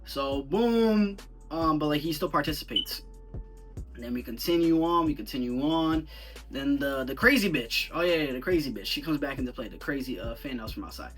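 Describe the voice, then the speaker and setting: A young man giving a casual, rambling movie review full of slang, talking in an animated, incredulous way. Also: fairly high pitch, normal speed, recorded from a distance, soft background music.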